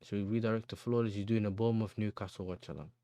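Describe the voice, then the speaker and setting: A man's voice: lowish voice, steady tone, very fast, mellow, no echo, clean studio sound. A man hosting a football livestream, chatting casually in slang and talking straight to his viewers. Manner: slangy, laid-back, addresses chat directly.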